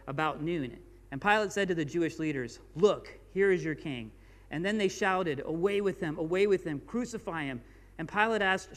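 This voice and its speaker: High-voiced pastor in a reverberant church. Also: male voice, a bit bright. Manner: informal, reads scripture aloud with rising emphasis. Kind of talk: sermon with scripture reading. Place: church sanctuary.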